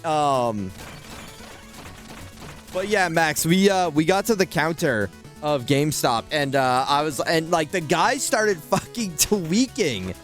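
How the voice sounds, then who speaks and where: A man's voice: fairly high pitch, lively intonation, slow, fairly bright tone, soft background music. A man streaming a video game, chatting casually and animatedly, swearing freely and laughing often. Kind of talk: casual live-stream chat.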